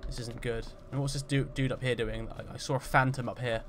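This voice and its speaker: Man, roleplay game commentary, chatty and jokey, mid-pitched voice. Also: little pitch movement, a little fast, a little hiss or hum. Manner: chatty and jokey, gets loud and jumpy when startled. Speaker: gaming roleplay host. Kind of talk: roleplay let's-play commentary.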